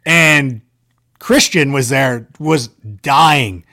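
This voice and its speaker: A man casually telling stories on a podcast, animated and self-deprecating, filling his talk with "like" and "you know". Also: medium pitch, drawn-out words, vocal fry. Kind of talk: casual storytelling chat.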